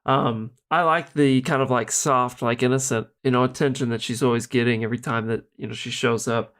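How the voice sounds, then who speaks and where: A man's voice: mid-range voice, steady tone, fairly quick, a bit bright. Easygoing Southern American man. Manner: easygoing, filler-heavy. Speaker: podcast co-host. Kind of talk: casual movie discussion.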